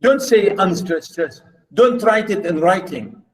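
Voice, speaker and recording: A man's voice: sits high, lively intonation, unhurried, rough recording. A man lecturing students over a video call, explaining poetic meter in a rambling way with many fillers and repeats. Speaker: university literature lecturer.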